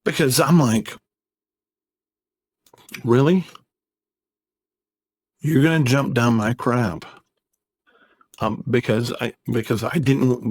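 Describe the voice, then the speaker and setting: A man's voice: medium pitch, a little mellow, dry recording. Guy in his 30s ranting about his game guild, rambly, sarcastic, super dry mic. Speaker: gaming YouTuber. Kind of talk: casual vlog rant.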